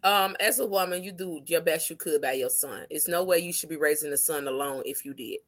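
A woman's voice: sits low, fairly quick. A woman co-hosting a casual podcast, speaking bluntly with profanity. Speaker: podcast co-host. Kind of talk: casual opinionated chat.

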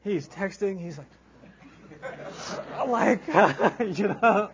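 A man giving a humorous Quran lecture as a teacher, animated and acting out characters as he tells stories. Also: high voice, very slow, pauses often, highs cut off. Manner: animated storyteller, acts out quoted characters. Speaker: Islamic teacher.

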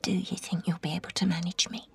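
An actress playing an older woman on her second marriage, with a breathy whispery voice, gently teasing. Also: fairly low pitch, little pitch movement, fast talker. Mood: fond. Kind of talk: audio drama acting.

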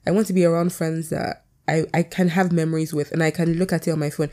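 A woman hosting her own podcast, talking fast in a candid, rambling way and swearing freely. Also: sits low, little pitch movement, warm tone. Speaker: podcast host. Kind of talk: casual solo podcast chat.

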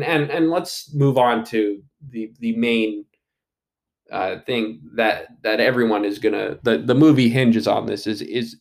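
A man giving casual solo commentary on an upcoming movie, rambling with many fillers and restarts and swearing casually. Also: fairly low pitch.

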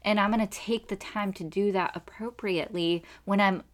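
A woman chatting casually as a podcast co-host, reacting quickly and laughing often. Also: mid-range voice, steady tone. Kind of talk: casual chat.

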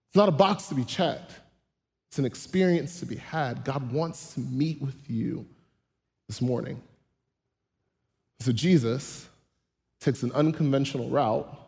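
A man preaching a sermon, emphatic, slowing down to stress lists. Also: medium pitch, gravelly, warm tone, big-room sound. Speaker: pastor.

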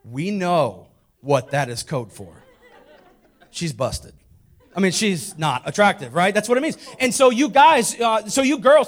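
A man's voice: sits high, animated, measured pace. A young man preaching a comedic sermon, playful and teasing as he talks straight to the congregation.

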